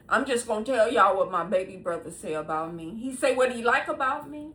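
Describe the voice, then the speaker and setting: On her own show, a woman in her sixties chats directly with viewers in a casual monologue, animated and emphatic, laughing frequently between sentences. Her voice runs on the high side at a normal speed.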